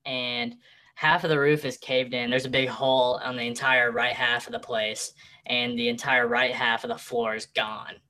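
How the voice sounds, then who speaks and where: A man's voice run through a distortion effect to keep him anonymous, bright and edgy in tone. He tells a story in a loose, rambling way, stalling on fillers and restarting his sentences. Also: mid-range voice, little pitch movement, moderate pace. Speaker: real estate agent. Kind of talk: casual storytelling.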